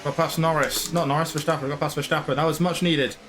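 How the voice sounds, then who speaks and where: A man's voice: a little high, steady tone, quick pace, fairly bright tone, a little hiss or hum. A man commentating his own racing game, frustrated and ranting. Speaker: gaming channel host.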